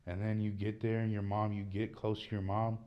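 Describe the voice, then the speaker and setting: Casual male host, low voice, rambling slangy delivery, muffled lo-fi recording in a small room. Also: level tone, brisk. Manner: rambling, slangy, peppered with "bro" and "dude". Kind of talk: casual comedic monologue.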